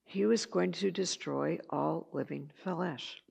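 A woman's voice: fairly low pitch, slow pace, vocal fry, a little mellow, breathy edge. A woman teaching a Bible study lesson in a conversational way, with chatty asides and filler words.

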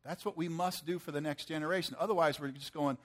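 Fifties guy preaching, kinda high voice, casual and chatty, throws questions at the crowd and acts out quotes in slang. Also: fairly even intonation, quick pace. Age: 50s. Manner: conversational, asks the audience questions. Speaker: pastor. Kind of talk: sermon.

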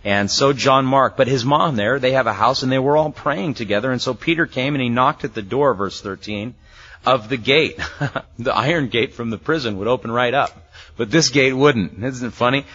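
This muffled, lo-fi recording features a pastor with a medium-pitched, somewhat bright and slightly rough voice, speaking at a normal pace. He moves verse by verse through a Bible passage in a chatty manner, often chuckling and acting out the people he quotes.

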